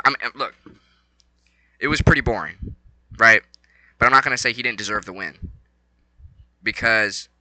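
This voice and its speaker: A young vlogger rambles casually about a fight night, excitable and slangy, lurching from low mumbles to loud bursts. The recording is low quality with no room sound.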